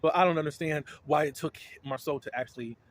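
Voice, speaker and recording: A man's voice: a little high, fast talker. Blunt, fired-up man reviewing a show. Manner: blunt, indignant, animated reactions. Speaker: reality TV recap host. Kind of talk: casual commentary.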